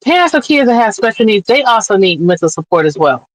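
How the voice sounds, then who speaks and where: A woman's voice: mid-range voice, sing-song, fast talker, dry recording, poor audio. Earnest woman guest, dry close sound. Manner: earnest, impassioned, tearful at times. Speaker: guest autism advocate. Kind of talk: streamed interview conversation. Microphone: remote streaming mic.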